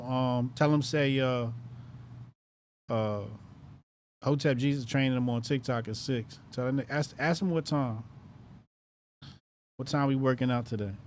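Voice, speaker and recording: A man's voice: mid-range voice, slight background noise. Laid-back, profane male show host. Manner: loose, profane, laughs easily. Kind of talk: casual livestream call-in chat.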